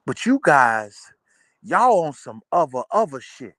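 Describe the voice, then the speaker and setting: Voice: mid-range voice, sing-song, measured pace, a bit bright, no echo, studio quality. A live streamer ranting at their viewers in sarcastic commentary, mocking them and hammering points home by repeating phrases, with blunt, casual swearing.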